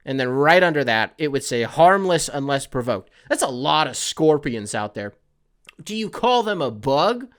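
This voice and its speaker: A man's voice: mid-range voice, fairly bright tone. A man hosting a comedy podcast, rambling through absurd bits and acting out voices. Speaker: podcast host. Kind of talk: comedic solo riffing.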